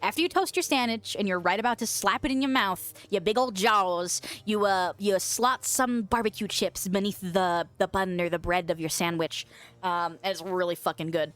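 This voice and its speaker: A woman's voice: medium pitch, normal speed, no echo, soft background music. A young woman streamer from the western United States, chatting casually, reading viewer comments aloud, swearing freely and laughing often.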